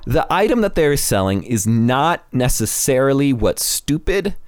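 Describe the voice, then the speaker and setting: A man's voice: medium pitch, big pitch swings, a little slow, smooth, no echo. Laughing man reading posts aloud. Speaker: podcast host. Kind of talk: casual chat.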